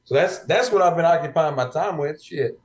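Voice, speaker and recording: A man telling a story in a casual podcast chat, profane and animated. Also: on the high side, moderate pace.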